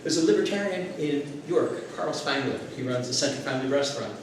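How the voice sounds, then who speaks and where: A man giving a stump speech as a political candidate, an animated storyteller who acts out quotes, recorded by a far camera in a former classroom. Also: medium pitch, brisk. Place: former classroom at a local meeting. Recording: echoey room, far camera, noise.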